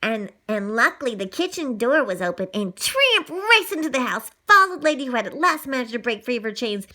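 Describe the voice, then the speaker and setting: Animated woman reading a storybook. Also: on the high side, brisk. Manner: animated, breathless, first-person dog narration.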